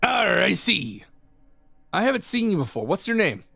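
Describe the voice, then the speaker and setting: Picture a gruff, slow-drawling pirate companion, put on by a man reading game lines. His voice sits high and swings widely, with a gravelly edge. The sound is close and dry. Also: sing-song, sharp tone, no room sound, faint music behind, exaggerated voice. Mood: hearty. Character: gruff male pirate imaginary friend. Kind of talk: voicing game dialogue on stream.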